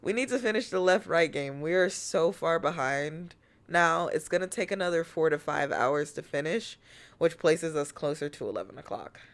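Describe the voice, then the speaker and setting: With a low-pitched, expressive voice at normal speed, a VTuber streamer from the United States chats casually on stream. She's playful and teasing and doesn't hold back on swearing.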